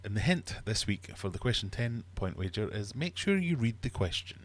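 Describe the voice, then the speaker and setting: Brief: male livestream quizmaster, lowish voice, playful and teasing, fish room. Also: sing-song, normal speed. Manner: playful, teasing, mock-uppity. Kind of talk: live-streamed quiz chat.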